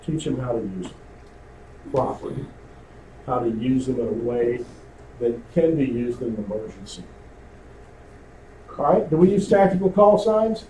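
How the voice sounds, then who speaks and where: A man's voice: mid-range voice, lively intonation, moderate pace, pauses often, dark tone. A man teaching a radio communications class at a club meeting, talking conversationally and quizzing the room. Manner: conversational, asks the room questions. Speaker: amateur radio instructor. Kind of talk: classroom lecture with audience questions. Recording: roomy, distant, faint hiss.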